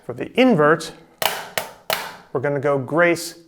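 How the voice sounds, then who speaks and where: Man coaching a drum lesson, higher voice. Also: moderate pace, noisy background. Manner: calm, step-by-step coaching. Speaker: drum teacher. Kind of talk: instructional video lesson.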